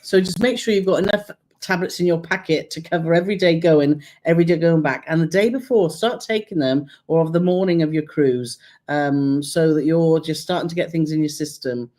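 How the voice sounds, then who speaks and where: A woman's voice: low-pitched, fairly quick, warm tone. Chatty woman with tag questions. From England near the Welsh border. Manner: chatty, rambling, tag questions to her partner. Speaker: co-host of a travel channel live stream. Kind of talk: casual live-stream chat.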